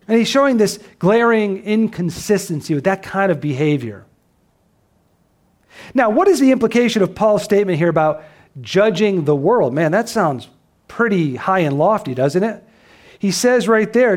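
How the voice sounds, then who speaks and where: High-voiced man preaching a sermon. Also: darkish tone. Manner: preaching with rhetorical questions and emphatic repetition. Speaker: pastor. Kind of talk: expository sermon.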